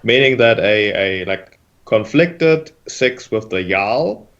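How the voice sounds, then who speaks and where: A man running a tabletop game as game master, explaining the rules in a measured, patient way. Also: fairly low pitch, animated, a bit bright, lo-fi sound.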